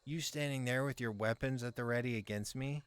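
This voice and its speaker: A man's voice: moderate pace, lightly acted. A man voicing an indignant, stubborn male traveling merchant who protests shrilly in a game's dialogue. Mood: outraged. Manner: shrill, arm-waving protest.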